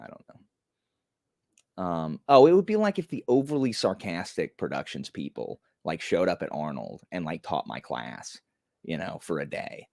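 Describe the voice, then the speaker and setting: A man's voice: fairly low pitch, creaky, no echo, clean studio sound. A young man chatting casually on a live stream, rambling and self-deprecating with many fillers.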